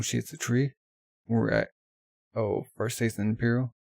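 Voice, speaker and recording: A man's voice: medium pitch, level tone, moderate pace, creaky, long pauses, a little mellow, no echo. A man casually reading a manga aloud in a loose, offhand way full of fillers. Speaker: manga reader.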